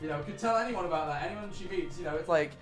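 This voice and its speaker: A young man talks to his stream audience and tells embarrassing stories about himself. He trips over his words and repeats himself often. His voice sits a little high, and soft music runs behind him. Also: rapid-fire. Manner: stammering, self-deprecating storyteller. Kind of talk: livestream reaction chat.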